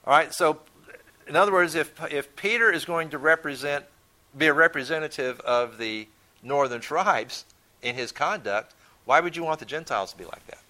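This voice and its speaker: Guy teaching bible study, bright clear voice, kinda rambly, keeps asking the class questions. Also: fairly high pitch, normal speed. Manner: conversational, repeats words while thinking; asks the listeners questions.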